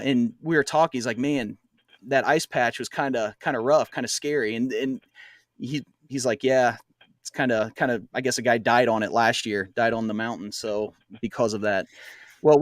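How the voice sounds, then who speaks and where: Man, podcast co-host, rambling storyteller, plenty of fillers, middle pitch, dry sound. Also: normal speed, a bit bright, dry recording. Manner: rambling, laughs often, many fillers. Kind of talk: casual storytelling chat.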